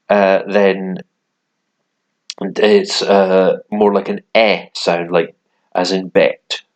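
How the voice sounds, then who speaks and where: A man explains a lesson at an unhurried pace and keeps stopping for ums and restarts. His voice sits low and deep, and he talks casually into a desk mic. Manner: hesitant, many ums and restarts. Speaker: language learner.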